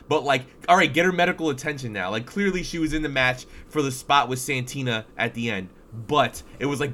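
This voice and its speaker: Excitable man with a bright voice. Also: mid-range voice, brisk, hardly any pauses. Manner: excitable, swears freely. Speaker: podcast co-host. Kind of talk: casual chat about wrestling.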